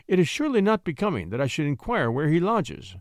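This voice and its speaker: A man's voice: on the high side, huge pitch swings, fast, no echo, clean studio sound. A man voicing a young, beautiful and coquettish French lady who talks with charming flutters. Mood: fluttering.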